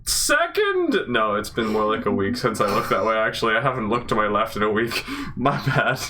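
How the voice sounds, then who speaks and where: A man's voice: lowish voice, fairly even intonation, a little fast, bright, forceful tone. Sarcastic young man, noisy recording. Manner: sarcastic, laughing often. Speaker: co-host. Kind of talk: casual comedic chat reading fan fiction.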